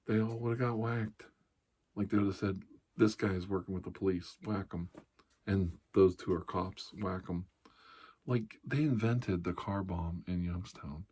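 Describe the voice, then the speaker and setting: A man's voice: low voice, darkish tone, breathy edge. A middle-aged man hosting an ASMR channel, rambling casually in a blunt, profane, sarcastic way.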